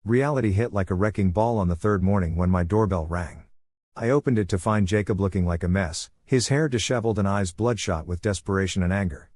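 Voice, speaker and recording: A man narrating a first-person story in a steady, even reading voice, recorded close. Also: deep voice, brisk, no echo.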